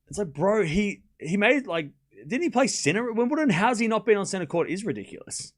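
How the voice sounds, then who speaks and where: Brief: young male streamer, slightly higher voice, loose rambling chat full of fillers, excitable and scornful of commenters. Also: fast. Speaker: tennis watchalong streamer. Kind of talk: casual live-stream chat.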